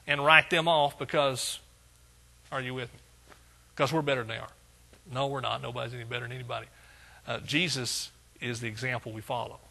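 A man's voice: medium pitch, steady tone, brisk, vocal fry, pauses often, sharp tone. A male pastor preaching a conversational sermon, asking his congregation rhetorical questions.

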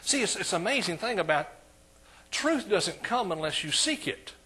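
A man with an East Texas accent preaching a sermon in a church, calling for amens and swinging between quiet asides and loud emphasis. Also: high-pitched, very animated, normal speed, slightly rough.

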